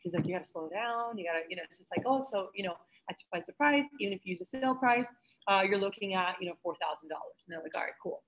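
A young woman leading a sales training session, talking fast and chatty and acting out customer exchanges for her trainees. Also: medium pitch, a bit bright, poor audio. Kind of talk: sales training talk to a group. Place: office room with trainees.

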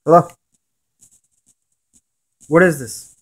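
Man questioning a spirit box, high-pitched. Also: unhurried, pauses often. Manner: asks short questions and repeats the answers he hears. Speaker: paranormal investigator. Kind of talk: running a spirit box session on camera.

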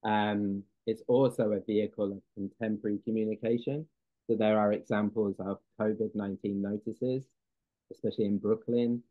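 A man's voice: on the low side, dry recording. Man lecturing over a tinny line. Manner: explanatory, checks in with the audience, many fillers. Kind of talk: classroom lecture. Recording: dry, tinny phone-like sound.

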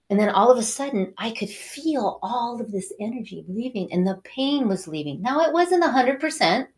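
Middle-aged woman, wellness show host and Reiki teacher, mid-pitched, animated storyteller talking to viewers. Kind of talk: motivational talk to viewers.

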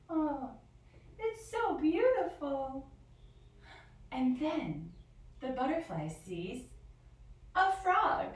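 Slow, sing-song woman teaching kids' yoga. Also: medium pitch. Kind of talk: guided yoga lesson for young children. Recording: echoey room from far off.

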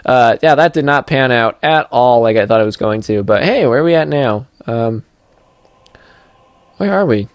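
A man's voice: mid-range voice, expressive, normal speed, smooth, no room sound. A young man talks through a stealth game at home in casual, rambling let's-play commentary. He is chatty and goofy, slipping into playful sing-song asides, with an ordinary mid-range voice. The sound is dry and close on a desk microphone. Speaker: gameplay commentator.

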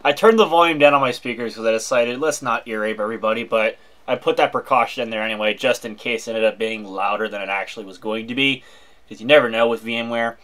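A man narrating a screen-recorded software walkthrough in a chatty, informal way with wry asides. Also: mid-range voice, quick pace. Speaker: tech video host.

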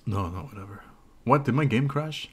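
A man's voice: mid-range voice, animated, moderate pace, breathy edge. A young man giving loose, profane let's-play commentary at home while eating, close on a desk microphone. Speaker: streamer.

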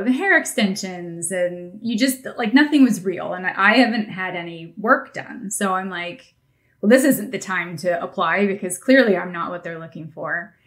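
A woman from New Jersey shares a story on a podcast, chatty and lively. She pokes fun at herself as she goes. Her voice sits in an ordinary middle pitch for a woman. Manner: chatty, animated, self-deprecating. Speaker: podcast co-host. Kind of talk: casual storytelling.

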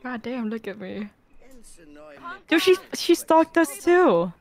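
Lively, teasing woman co-streamer. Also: a little high, slow. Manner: teasing, blunt, playful. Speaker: streamer co-player. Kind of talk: casual let's play chat.

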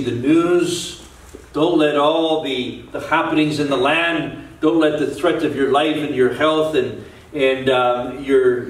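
A man's voice: medium pitch, distant mic. A male pastor preaching an earnest sermon, repeating and restarting phrases as he builds his points. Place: church sanctuary. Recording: echoey church, voice from off-mic.

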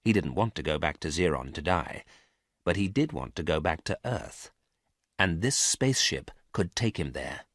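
A man with a low, lively voice narrates a graded science-fiction reader for English learners, clear and careful. His pitch moves a lot as he tells the story. The recording is close and dry. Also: normal speed, dry recording.

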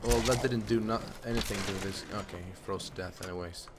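A young man giving live gameplay commentary, swearing constantly and jumping from low muttering to loud outbursts at enemies. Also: steady tone, brisk, very noisy. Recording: loud game music behind the voice. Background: loud game music.

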